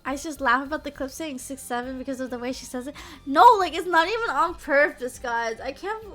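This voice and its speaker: A woman in her twenties talks casually to her stream chat in a high, bright, sharp-edged voice. She fills her speech with "like" and a questioning "yeah?". Soft music plays quietly underneath. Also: a little fast. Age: 20s. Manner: chatty, peppers speech with "like" and "yeah?".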